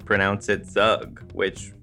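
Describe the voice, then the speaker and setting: A man's voice: fairly low pitch, completely flat delivery, slow pace, pushed and bright, soft background music. A man co-hosting a casual podcast, adding dry, wry quips. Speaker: podcast co-host. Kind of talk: casual chat.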